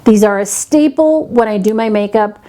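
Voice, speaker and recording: A woman's voice: mid-range voice, normal speed, mellow. A woman beauty vlogger chatting casually, animatedly telling a story and acting out the people in it.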